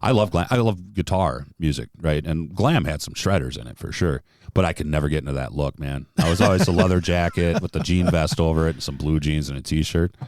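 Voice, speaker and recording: A middle-aged man with a very low voice, talking as a podcast guest. He reminisces in a relaxed, easygoing way and chuckles often. The sound is close and dry. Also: fairly quick, no echo. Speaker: guest, guitarist and music store owner. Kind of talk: casual podcast conversation.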